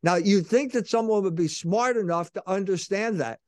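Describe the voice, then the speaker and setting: A male co-host on a political talk show argues in a high, emphatic voice. His tone is sardonic, and the sound is dry with no room around it. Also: normal speed, a little mellow, no room sound.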